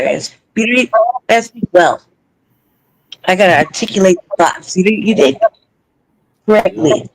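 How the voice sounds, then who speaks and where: A man's voice: high voice, no room sound, poor audio. Heated man ranting on a podcast, swears a lot, restarts his sentences, dry close sound. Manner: angry, emphatic, profane, rambling with restarts. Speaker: podcast co-host. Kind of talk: heated casual talk.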